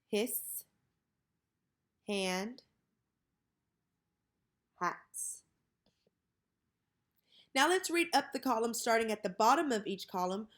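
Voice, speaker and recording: A woman teacher leading a children's reading lesson, modeling each word slowly and clearly. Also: medium pitch.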